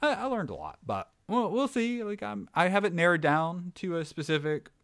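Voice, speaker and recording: A man's voice: high-pitched, sing-song, normal speed, a bit bright, clear, resonant tone, dry recording, clean studio sound. A man with a Southern American accent chatting casually, rambling through stories with lots of "like" and filler words. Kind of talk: casual chat.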